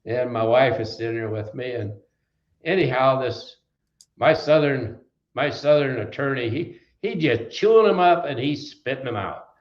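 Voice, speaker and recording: This older man from Wisconsin, USA, who founded a trucking company, tells rambling, folksy stories in an interview, restarting sentences as he goes. His mid-range voice has lively intonation and a normal speed. The sound is roomy and lo-fi.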